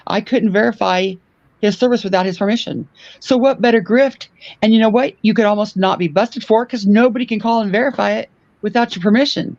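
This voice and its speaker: Gravelly man on a lo-fi line. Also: high-pitched, darkish tone. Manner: halting, repeats and restarts words. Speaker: guest on a livestream. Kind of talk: casual chat.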